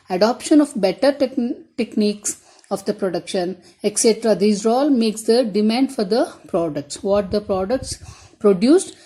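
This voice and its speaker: A woman's voice: on the high side, mellow. A woman teacher, whose first language is Tamil, giving a classroom lecture. She repeats her key points and speaks straight to her students.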